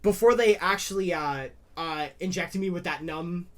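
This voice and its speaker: A young man co-hosting a casual chat, telling stories with lively acted-out quotes. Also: normal speed. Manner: animated storyteller, acts out quotes in loud high yelps. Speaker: podcast co-host.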